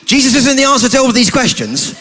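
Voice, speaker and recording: A man's voice: very high-pitched, big pitch swings, quick pace, fairly bright tone, slight background noise. A man with a British accent telling a playful story at a family church service, often asking the children questions. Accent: British English.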